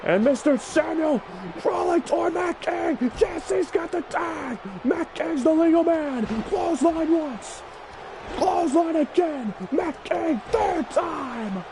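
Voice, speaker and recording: A man calling a wrestling video game match play-by-play, excitable and often shouting. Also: very high-pitched, slow, noisy background. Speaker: gaming channel host.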